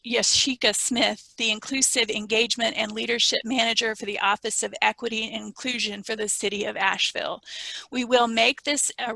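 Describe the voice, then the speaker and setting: A woman's voice: fairly high pitch, bright, forceful tone, dry recording. A woman hosting a webinar over a video call, giving thankful, emotional closing remarks and announcements. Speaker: webinar host.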